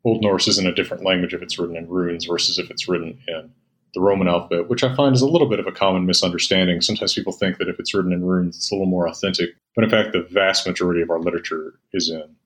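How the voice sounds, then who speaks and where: A middle-aged Old Norse scholar, appearing as an interview guest, explains things at length in a racing, deep voice with fairly even intonation. His manner is patient and lecturing, peppered with frequent ums and other fillers.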